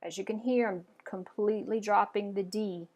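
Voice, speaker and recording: A woman gives a French pronunciation lesson, modeling words clearly and waiting for listeners to repeat them. Her voice sits at an ordinary middle pitch. She sounds patient and upbeat and praises each attempt. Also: fairly even intonation, moderate pace, darkish tone. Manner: patient, encouraging, with frequent "okay?" and "all right". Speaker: French teacher.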